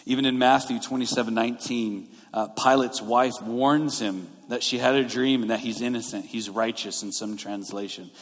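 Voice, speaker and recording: Steady in tone and medium in pitch, this pastor keeps a moderate pace with hardly any pauses. He explains scripture verse by verse, preaching conversationally, and a large hall's long reverb fills the recording.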